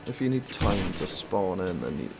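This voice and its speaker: Young British guy, mocking gamer, laughs a lot, voice with a wide pitch swing. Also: sing-song, normal speed, vocal fry, heavy background noise. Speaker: YouTube gaming creator. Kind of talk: teasing gaming voice chat.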